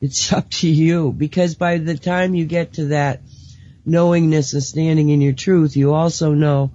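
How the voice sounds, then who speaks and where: A woman in a casual group discussion, speaking in a reflective, philosophical and unhurried way. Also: low voice, fairly even intonation, dark tone. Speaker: panel co-host. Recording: dull lo-fi audio.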